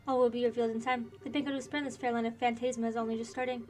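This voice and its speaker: A woman voicing a taunting villainous dark knight. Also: fairly high pitch, little pitch movement, rapid-fire, close to an everyday voice. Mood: mocking. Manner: taunting, theatrical. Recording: faint game music behind.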